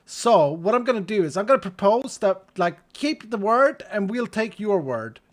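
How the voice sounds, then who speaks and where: A man's voice: high-pitched, big pitch swings, normal speed. A man doing a polite fussy American woman. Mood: politely complaining. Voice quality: mild put-on voice close to his own.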